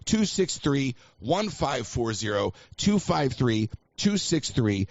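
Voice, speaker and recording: A man hosts a live call-in show and talks in a loose, self-mocking ramble at an everyday pitch. His voice sounds dry and close, with a slightly dull, lo-fi stream quality. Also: very animated, takes it slowly, hardly any pauses, a little mellow, no echo. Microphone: livestream mic.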